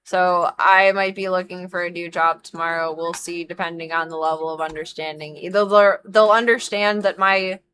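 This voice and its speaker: Bright-voiced woman venting on stream. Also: medium pitch, clean tone. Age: 30s. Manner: frank, emphatic, swears freely. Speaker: streamer and dog groomer. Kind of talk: casual live-stream chat.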